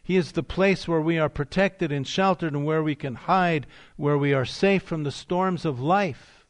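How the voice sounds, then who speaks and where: A man preaching a sermon as pastor, rising in emphasis on key phrases and slowing down to drive points home. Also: fairly high pitch.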